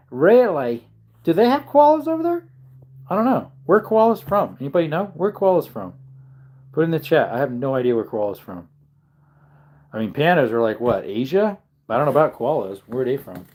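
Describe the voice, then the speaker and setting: A man's voice: fairly high pitch, sing-song, brisk, pauses often, a little mellow. A tired, yawning man hosting a casual livestream, rambling and chuckling as he reads out chat comments. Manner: rambling, chuckling, musing aloud. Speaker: livestream host.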